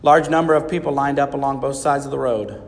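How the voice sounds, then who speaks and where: A man's voice: mid-range voice, fairly even intonation, brisk. Man reading a story in a reverberant hall. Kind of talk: children's Bible story reading.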